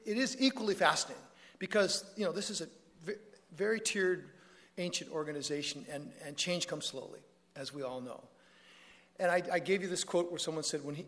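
A man with a fairly high, slightly bright voice gives a public talk to an audience in a lecture hall. He keeps it conversational, often slipping in jokes and correcting himself. The recording carries the long reverb of a large hall.

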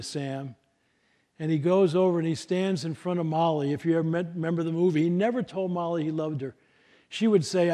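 A man's voice: on the high side, mellow. Folksy older man telling stories. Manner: storytelling, folksy, many fillers and restarts. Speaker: speaker at a workshop. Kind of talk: live talk to an audience.

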